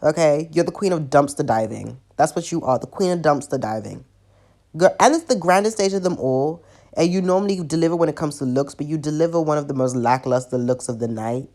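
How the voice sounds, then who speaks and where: A woman's voice: low-pitched, fairly quick. A woman reviewing a wrestling show in a profane, exasperated rant, while sick. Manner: profane, exasperated, animated ranting. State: sick with covid. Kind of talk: ranting review vlog.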